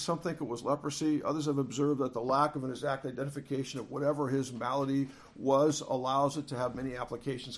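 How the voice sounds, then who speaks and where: A man preaching an expository sermon, reading scripture aloud and restarting his phrases often as he teaches. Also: mid-range voice. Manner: earnest, reads scripture aloud, frequent restarts.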